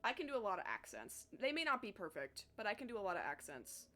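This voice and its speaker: A woman's voice: medium pitch, wildly swooping pitch, fast, pushed and bright. A young woman chatting casually with her live chat while she draws, talkative and self-deprecating, swearing freely. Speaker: streamer drawing live.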